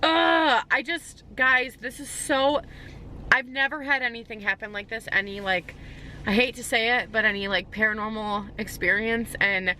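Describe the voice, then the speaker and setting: Young woman vlogger, rattled storyteller, bright clear voice, faint background hum. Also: on the high side, fairly even intonation, moderate pace. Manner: shaken, rambling retelling with many "like"s and restarts. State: anxious. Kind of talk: storytime vlog.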